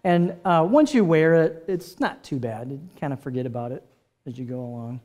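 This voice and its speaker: A man leads a live workshop on microphone technique in a presentation room with a sound system, chatting in a relaxed, conversational way and asking his audience questions. He switches between handheld and headset mics during the demo. His voice is medium-pitched and fairly quick.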